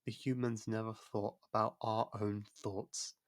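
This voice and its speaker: A man voicing an obsessive, devoted android in a whispered role-play, speaking in a slow, calm, pleading and possessive way with a breathy voice. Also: fairly low pitch, natural voice. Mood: patiently insistent. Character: obsessive, devoted android, soft-spoken and insistent.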